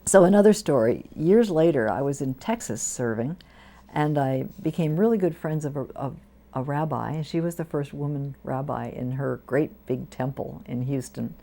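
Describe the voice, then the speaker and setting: A woman's voice: very deep voice, normal speed, gravelly. An older woman, a priest, telling stories from her life in an interview, bringing quoted people to life as she goes. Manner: warm anecdotal storytelling with lively quoted voices. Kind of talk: storytelling interview. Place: community TV studio.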